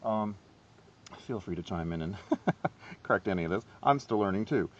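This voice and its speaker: Man, very low voice, casual harp lesson, chatty, laughs at himself, muffled lo-fi home recording. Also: normal speed. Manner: chatty, self-deprecating, laughs often. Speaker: harp teacher.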